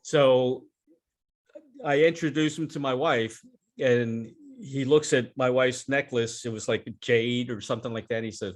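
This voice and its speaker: A man's voice: medium pitch, normal speed. An older man hosting an interview, chatty and rambling through anecdotes while laughing at his own stories. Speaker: interview host. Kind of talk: casual interview chat.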